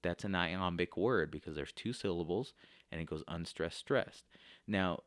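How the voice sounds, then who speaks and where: A male teacher giving a recorded lecture, explaining step by step and often pausing with fillers. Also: deep voice, no echo.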